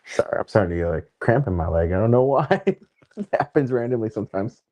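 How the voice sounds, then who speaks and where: Very low-voiced relaxed male host. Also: fast talker, lo-fi sound. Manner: relaxed, rambling, laughs often. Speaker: interview host. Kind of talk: casual interview chat. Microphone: remote stream call.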